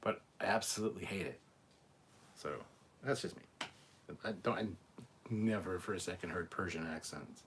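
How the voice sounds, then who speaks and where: A man's voice: deep voice, normal speed, pauses often, slight background noise. Blunt, swearing man ranting casually. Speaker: host reading live chat. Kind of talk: casual live-stream chat.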